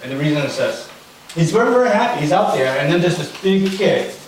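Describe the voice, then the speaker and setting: A young man gives a casual sermon, rambling through anecdotes with plenty of fillers. His voice sits a little high. The sound is very echoey and distant in a church hall, with a faint hiss behind. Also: big pitch swings, a little fast. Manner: chatty, anecdotal, lots of fillers. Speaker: pastor. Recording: very echoey room, far from the mic, faint noise.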